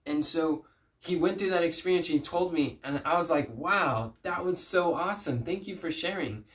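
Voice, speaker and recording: A man's voice: a little high, moderate pace, a bit bright. A man giving an earnest, pleading inspirational Christian message, telling stories with emphatic repeats. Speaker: Christian speaker. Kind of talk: inspirational preaching to camera.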